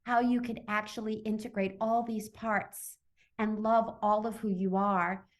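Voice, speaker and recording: A woman's voice: mid-range voice, level tone, a little slow. A woman guest in an interview, telling a personal story and acting out her own inner voice, heard over a video call. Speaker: summit guest, author.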